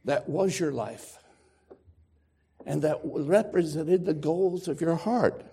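A man preaching a sermon to a congregation, emphatic and deliberate with dramatic pauses. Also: a little high, warm tone, husky. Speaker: pastor. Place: church sanctuary with congregation.

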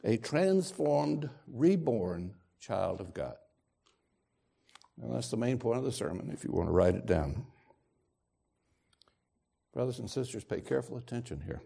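Gravelly, lively slow-preaching man. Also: medium pitch. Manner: emphatic, slow and deliberate preaching with dramatic pauses. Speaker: pastor. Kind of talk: sermon. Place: church sanctuary with congregation.

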